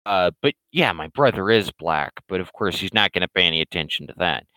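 A man's voice: low-pitched, expressive, brisk, bright, forceful tone, no echo, low-quality recording. Dry, sarcastic man retelling an argument. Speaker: online content creator. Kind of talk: reading out and retelling an online argument.

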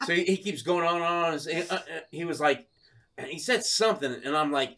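A man's voice: a little high, brisk, pushed and bright. A man telling a funny story in casual podcast chat, often breaking into laughter. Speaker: podcast co-host.

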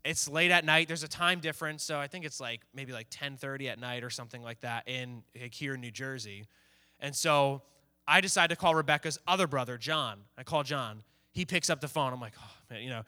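A young man with a voice on the high side speaks quickly, with a bright, forceful tone. He's a youth pastor giving a casual sermon to a youth group, telling a story with animation and acting out the quoted lines.

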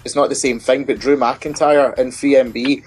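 An opinionated man co-hosting a casual podcast, dropping wry jabs as he talks. His voice sits at a middle pitch, with faint music underneath. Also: fairly even intonation, moderate pace, darkish tone, rough recording. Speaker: podcast co-host. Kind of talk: casual wrestling chat.

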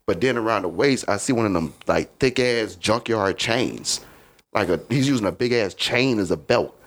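A man's voice: on the low side, expressive, moderate pace. A man from Chicago, a comedian guest in a podcast studio, telling a rambling, profane story in a casual way and often asking "you know what I mean".

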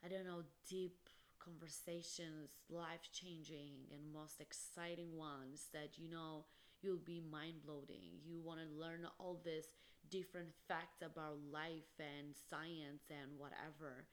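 This young woman runs a podcast by herself, speaking in a deep voice with little pitch movement and a slightly slow delivery. Her talk is passionate and emphatic, heavy on "literally" and "like."

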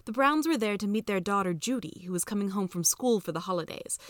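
A woman reads a children's story aloud in a steady, even storytelling manner. Her voice sits mid-range, and the recording is dry and close with no room echo. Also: medium pitch, fast. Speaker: podcast reader. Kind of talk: scripted storybook narration.

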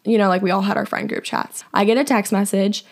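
A young woman hosting a podcast and telling a personal story in a casual, animated way, full of "like" fillers. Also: mid-range voice, brisk, creaky. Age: young adult. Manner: chatty, heavy on "like" fillers; animated, acts out quoted voices. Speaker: podcast host.

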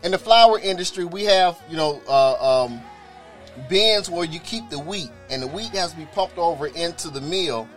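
Soft background music accompanies a man with a slightly high voice speaking at a moderate pace. He tells his personal testimony casually, animatedly acting out others' voices in quoted dialogue and often repeating or restarting his words.

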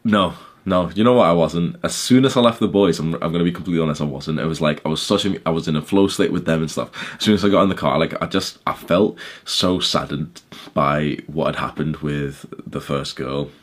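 A young YouTuber with a bass voice talks a little fast, casually telling a story in his vlog. He rambles, peppers his speech with "like", swears, and laughs along the way.

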